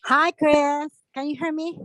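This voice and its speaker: A woman's voice: sits high, fairly even intonation, measured pace, fairly bright tone, dry recording, low-quality recording. A woman joining a group video call from her phone, speaking in a heartfelt way and often repeating herself. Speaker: call participant.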